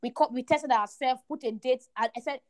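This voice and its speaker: Young woman, high voice, podcast co-host, faith testimony, animated, emphatic. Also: fairly quick. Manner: animated storyteller, emphatic repetition.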